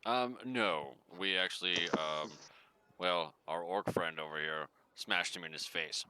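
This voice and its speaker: Soft-spoken tabletop player with a very deep, bright voice and faint noise. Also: male voice, a little slow, poor audio.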